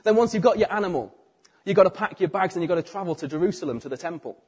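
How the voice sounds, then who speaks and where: British man, sermon, husky voice, slightly high pitch, lively storytelling. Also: rapid-fire. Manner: animated storytelling, acting out the crowd's voices. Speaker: preacher.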